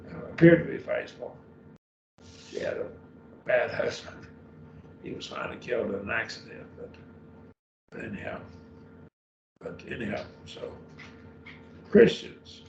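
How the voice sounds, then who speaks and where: Older man, church Bible teacher, gravelly voice, folksy and rambling, picked up from a distance in an echoey room. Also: mid-range voice, slight background noise. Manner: rambling, folksy, explains Greek word order. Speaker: preacher teaching a Bible class. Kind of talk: unscripted Bible lesson. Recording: echoey distant room mic, dull sound.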